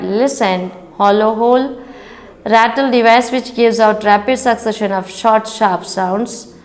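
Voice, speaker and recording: Woman teacher for a children's reading lesson, very slow and deliberate, pauses to explain words. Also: medium pitch. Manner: rereads lines and explains word meanings; chants sound words in a sing-song rhythm. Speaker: school teacher. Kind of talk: reading a story lesson aloud to young children.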